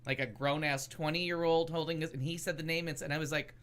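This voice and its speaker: A woman from the United States hosting a casual talk show, her voice bright and clear-edged. She tells stories in a rambling way, stopping and restarting her sentences as she goes. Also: sits low, fairly even intonation. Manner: rambling, halting storytelling with many restarts. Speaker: podcast host. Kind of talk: casual chat.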